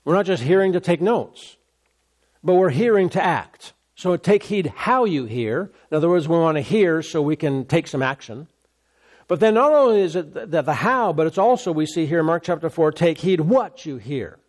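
A man's voice: a little high, lively intonation, moderate pace, darkish tone. A male pastor preaching a sermon, repeating key words for emphasis and asking rhetorical questions.

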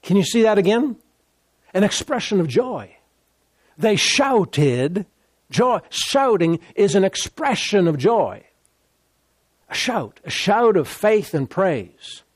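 A man preaching a sermon with call-and-response, animated and repeating words for emphasis. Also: high-pitched, slow, slightly rough.

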